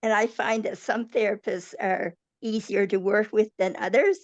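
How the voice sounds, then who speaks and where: A woman patient thoughtfully sharing her experience in a casual group chat, pausing as she finds words. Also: medium pitch, steady tone, no room sound. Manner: thoughtful, halting. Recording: dull dry lo-fi sound.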